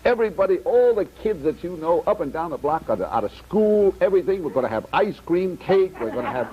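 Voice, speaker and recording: A man doing a rushed, coaxing dad. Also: sits low, sing-song, gravelly, slight background noise, pitched below the performer's own voice, exaggerated voice. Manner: rapid, coaxing, piling on promises. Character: hurried soothing father comforting his son. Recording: dull lo-fi old TV audio.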